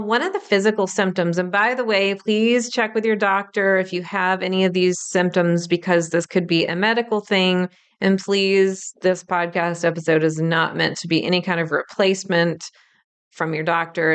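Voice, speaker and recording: A woman's voice: lowish voice, clear, resonant tone. A woman in her thirties hosting a solo podcast, explaining things in an upbeat way. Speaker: podcast host.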